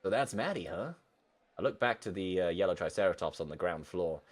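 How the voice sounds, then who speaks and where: A man's voice: deep voice, lively intonation, a little fast. A young man reading a visual novel aloud and reacting casually, often swearing. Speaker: game streamer. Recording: faint game music underneath.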